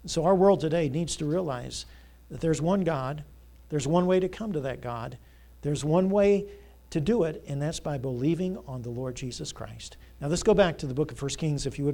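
A male pastor preaching a Sunday sermon, asking the congregation to fill in words and building to loud, emphatic passages. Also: on the high side, normal speed, vocal fry. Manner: call-and-response questions, rising to loud emphatic preaching. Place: church sanctuary. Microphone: church sound system mic.

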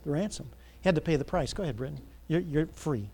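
A man preaching in a church with a voice pitched a little above the usual. He asks the congregation to fill in his words and swells to loud, emphatic preaching. His delivery is earnest and insistent. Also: lively intonation, quick pace, slight background noise. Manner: call-and-response questions, rising to loud emphatic preaching. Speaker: pastor. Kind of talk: sermon. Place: church sanctuary. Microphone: church sound system mic.

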